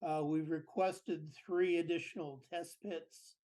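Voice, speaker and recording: A man giving a peer review summary at a public board meeting over a video call, formal and measured. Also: on the high side, flat delivery, a little mellow.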